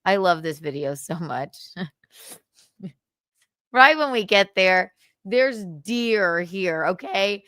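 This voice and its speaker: A woman's voice: mid-range voice, expressive, takes it slowly, long pauses, a bit bright, no room sound. A young adult woman hosting a casual livestream, gossiping, laughing and swearing freely. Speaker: livestream host.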